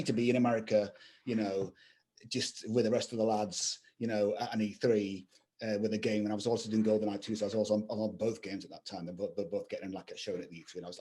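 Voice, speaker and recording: A man's voice: fairly low pitch, mellow. A middle-aged man, a guest video game composer, rambling through anecdotes with lots of "you know" fillers in casual chat. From England.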